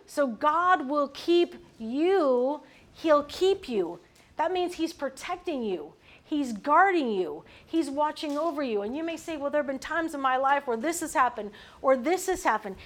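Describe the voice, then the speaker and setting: A woman leading a Bible study, teaching in an animated way and putting questions to her group. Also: high voice.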